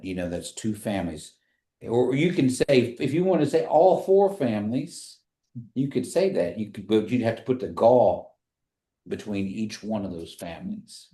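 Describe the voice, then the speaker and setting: A man teaching a classroom language lesson, patiently repeating phrases slowly for his students. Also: on the low side, warm tone. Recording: echoey room.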